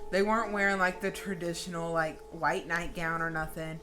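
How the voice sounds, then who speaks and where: A woman in her late twenties telling a story in a casual, animated vlog style, with lots of profanity and dramatic flair. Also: lowish voice, normal speed, music in the background. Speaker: vlogger.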